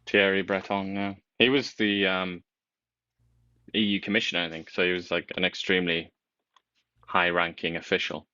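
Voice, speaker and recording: A man co-hosting a casual political chat, talking in an animated, wry way with big swings in pitch. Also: normal speed, pauses often, dry recording, muffled recording.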